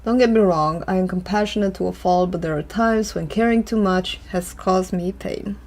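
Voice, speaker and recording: A woman's voice: lowish voice, moderate pace, a little mellow. A woman art vlogger chatting casually and musing aloud while she draws, opinionated and given to sighs. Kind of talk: casual chat while drawing. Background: faint background music.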